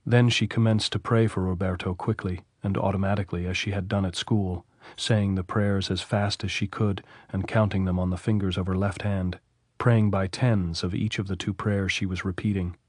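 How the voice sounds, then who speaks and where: A man narrating a classic novel as an audiobook, in a steady, measured reading. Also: sits low, no echo, clean studio sound.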